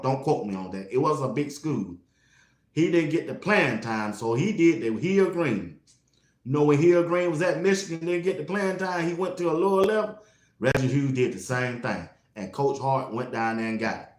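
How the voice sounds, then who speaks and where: Animated man talking football. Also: medium pitch, roomy sound. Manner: animated, laughing often, slangy trash talk. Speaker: sports talk host. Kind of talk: casual sports commentary.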